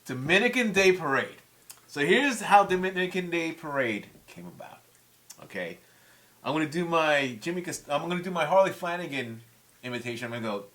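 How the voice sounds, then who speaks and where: A man's voice: medium pitch, a bit bright. A man in his forties, a guest musician in a casual chat, telling stories with heated, profane language. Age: 40s.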